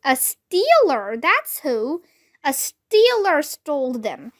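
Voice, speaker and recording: A woman voicing an excitable, loud little kindergarten girl who shouts and squeals. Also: sits high, takes it slowly, heavily acted. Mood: upset.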